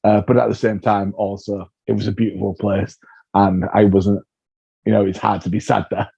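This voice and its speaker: A man chats through an interview, telling comic stories with put-on voices and quick jumps up in pitch. His voice is mellow and dark. The recording sounds dull and lo-fi. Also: vocal fry, breathy edge. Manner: animated storyteller, acts out voices, laughs often. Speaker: comedian guest. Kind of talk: casual interview chat.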